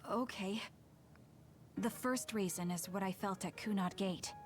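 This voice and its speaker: An actress voicing a hesitant, apologetic young woman who leads her team in a video game, speaking in halting bursts. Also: mid-range voice, natural voice. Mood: uneasy. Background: game music.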